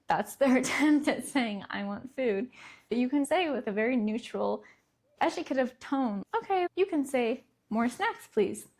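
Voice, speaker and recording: Chatty young woman, slightly high voice. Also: darkish tone. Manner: conversational, laughs lightly mid-sentence. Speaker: parenting podcast host. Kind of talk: casual solo talk.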